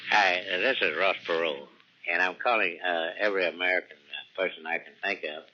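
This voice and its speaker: A man voicing a pompous Texan billionaire politician who rambles and stumbles on an answering machine, with a Texas accent. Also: sits low. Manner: rambling, halting, full of ums. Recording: dull lo-fi answering machine tape.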